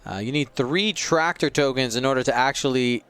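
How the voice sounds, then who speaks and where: A man's voice: mid-range voice, moderate pace, a bit bright, smooth. A man giving play-by-play commentary on a tabletop miniatures game, calling shots and explaining the rules with a wry aside now and then.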